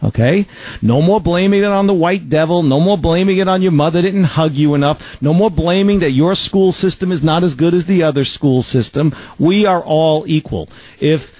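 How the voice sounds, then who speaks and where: A man's voice: a little high, normal speed, a little mellow, dry recording, highs cut off. A man hosting a talk radio show, delivering an opinionated, sarcastic monologue with frequent fillers and restarts.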